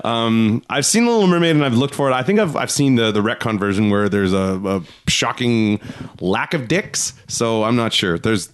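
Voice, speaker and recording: A man's voice: medium pitch, lively intonation, normal speed, clear, resonant tone. A male podcast host chatting loosely, rambling and laughing along. His mid-range voice rises and falls with plenty of animation. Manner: rambling, laughing often, many restarts. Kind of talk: casual comedic chat.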